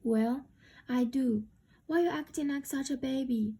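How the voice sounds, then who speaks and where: A woman reading a novel aloud, voicing a young woman who pleads and scolds sharply, with a husky, gravelly voice. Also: high voice, moderate pace, warm tone. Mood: scolding.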